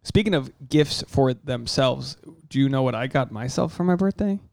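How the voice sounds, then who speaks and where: A man in his thirties co-hosting a podcast in casual chat, an animated storyteller who swears freely and acts out quotes. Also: mid-range voice, moderate pace, vocal fry, no echo, studio quality. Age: 30s. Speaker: podcast co-host. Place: home.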